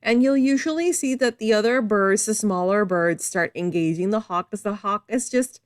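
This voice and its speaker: A woman's voice: mid-range voice, moderate pace, clean tone, no echo, studio quality. A woman from Florida chatting casually with wry asides. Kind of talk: casual chat.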